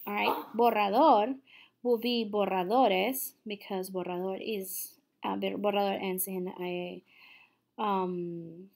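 A woman's voice: mid-range voice, steady tone, slow, vocal fry, a little mellow. A young adult woman teaching a recorded online lesson, patient and explaining step by step, often checking in with "okay?". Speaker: Spanish teacher.

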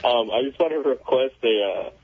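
A man's voice: medium pitch, lively intonation, fairly quick, husky. A man calling in to a radio show, amused and laid-back, asking for a bit. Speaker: caller. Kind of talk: phone call to a radio show. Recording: tinny phone line.

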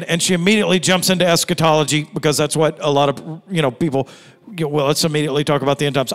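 High-voiced preaching man in echoey hall. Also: fast, a bit bright, soft background music. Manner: emphatic preaching with repetitions and rhetorical questions. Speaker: pastor. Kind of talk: sermon. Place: church hall.

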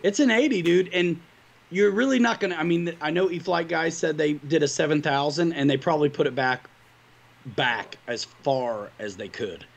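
A man helping host a livestream rambles cheerfully to viewers about hobbies in casual chat. His voice is a little high and creaky, and he keeps a moderate pace.

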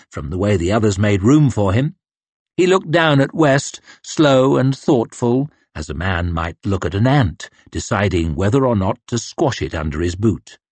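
A man's voice: lowish voice, a little mellow, slightly rough, no echo. A man narrating an audiobook in a tense, dramatic reading style. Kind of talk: scripted narration.

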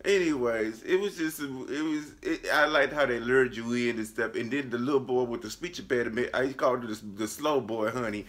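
A man in his late twenties gives a casual movie review full of sass and energy, calling the viewer "honey." When he quotes himself, his voice jumps up high. He talks at a moderate pace with few pauses.

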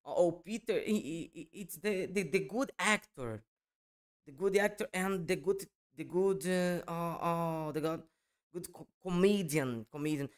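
A man's voice: high voice, unhurried. A man hosting a reaction video, speaking hesitantly with repeated words and many fillers. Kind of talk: casual reaction commentary.

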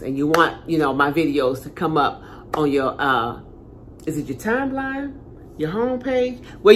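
Older woman vlogger, homey and chatty, lowish voice, talks straight to her viewers. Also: a bit bright, slight background noise. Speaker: channel host. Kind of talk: casual talk to viewers.

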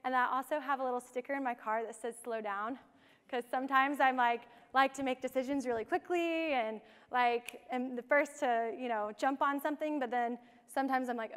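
On the high side and clean in tone, a bit bright, with fairly even intonation at a moderate pace, this young woman presents a casual conference talk heavy with ums and you-knows. She speaks in a large conference hall, and the long hall reverb is clearly heard.

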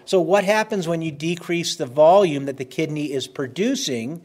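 A man's voice: a little high, normal speed, a little mellow. A man giving a conversational medical lecture, stressing key words and repeating them for emphasis. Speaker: physician lecturer.

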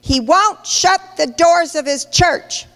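A very high, fairly bright female voice moves slowly through a sermon. She's a pastor, emphatic and putting questions straight to the congregation, while the large church hall adds a long reverb.

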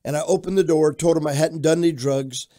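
Older pastor guy from florida telling his story, fairly high voice, gets loud acting out quotes. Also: brisk. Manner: animated storyteller who shouts out quoted lines. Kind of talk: telling his testimony in an interview.

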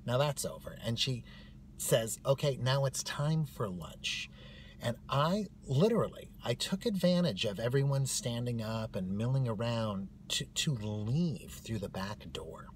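Animated male comic storyteller. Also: medium pitch, a little slow, a little hiss or hum. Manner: animated, wry.

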